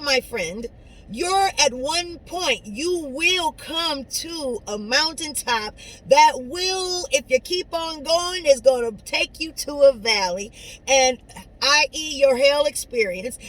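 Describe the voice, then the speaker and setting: A woman speaks straight to her listeners in an inspirational pep talk. She talks in a preachy, conversational way, dropping into quiet asides and then rising into loud, emphatic lines. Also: sits high, poor audio. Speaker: motivational speaker. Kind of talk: inspirational monologue to camera.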